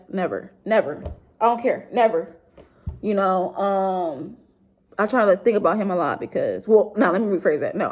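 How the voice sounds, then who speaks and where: Young woman YouTuber, grieving storytime, rambling and blunt, mid-pitched voice. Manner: rambling, heavy use of "like", blunt and profane. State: grieving, subdued. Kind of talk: emotional storytime vlog.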